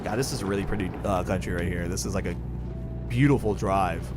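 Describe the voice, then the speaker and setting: A man's voice: low voice, quick pace. A man chatting casually on a live stream while playing a game, rambling, thinking aloud and swearing freely. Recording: clear music playing behind.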